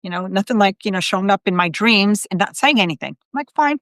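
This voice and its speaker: A woman's voice: mid-range voice, fast, a bit bright, dry recording, clean studio sound. A middle-aged woman, a psychic medium, telling a personal story on a live video in a chatty way, full of asides and quoted self-talk.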